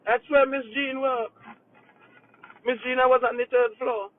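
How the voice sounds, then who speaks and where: A woman pastor, crying as she talks, gives a halting, emotional update to her congregation from a moving car, repeating herself and asking for prayer. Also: sits high, level tone. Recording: tinny phone-like, dry sound.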